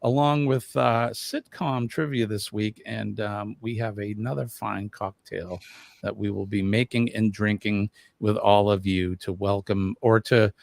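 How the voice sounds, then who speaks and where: A man co-hosting a casual livestream chat, lively and quick to laugh. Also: fairly low pitch, vocal fry, dry recording, studio quality. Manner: lively, laughs often, drawn-out banter. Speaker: livestream co-host.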